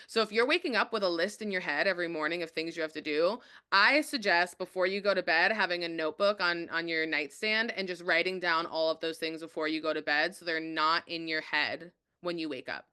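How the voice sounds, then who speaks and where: An upbeat woman hosting a motivational webinar from home over a video call, encouraging her viewers and reading out their chat replies. Her voice is bright and forward, smooth and crisply clear. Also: on the low side, moderate pace. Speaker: webinar host.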